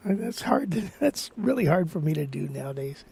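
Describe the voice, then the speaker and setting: A man's voice: on the high side, animated, brisk, creaky. A man hosting a live guitar stream, rambling casually and thinking aloud with restarts.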